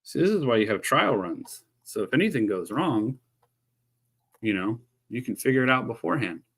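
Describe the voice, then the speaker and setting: With a mid-range, sing-song voice, a fairly bright tone, and normal speed, a man on a live stream tosses off dry sarcastic asides and mutters as he fiddles with his camera and keeps readjusting his desk mic. The sound is slightly rough.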